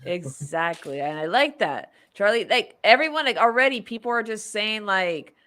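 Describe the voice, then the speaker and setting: Woman, podcast host, casual chat, rambling, laughs a lot, bright voice. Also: medium pitch, animated, normal speed. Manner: chatty, rambling, laughs often. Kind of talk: casual movie review chat.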